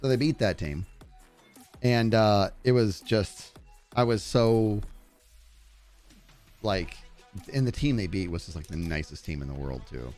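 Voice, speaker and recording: Excitable lower-voiced male streamer. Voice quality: growly when loud. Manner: excitable storyteller, talks to chat while playing. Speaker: game streamer. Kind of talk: live gaming stream chat.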